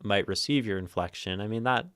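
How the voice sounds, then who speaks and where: A man's voice: lowish voice, a little fast, a bit bright, clean tone. A man musing aloud on a poetry stream. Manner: thoughtful, tags phrases with "right?"; plays with stress, rereading lines different ways. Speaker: streamer hosting a poetry reading. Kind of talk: livestream poetry analysis to chat. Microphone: streaming mic and camera.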